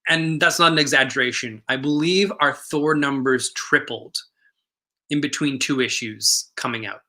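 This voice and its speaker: An enthusiastic man co-hosting a comic shop stream, his voice very bright and tense. He rambles cheerfully, stacking fillers and restarts as he talks up new releases. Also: mid-range voice, normal speed. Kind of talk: casual chat.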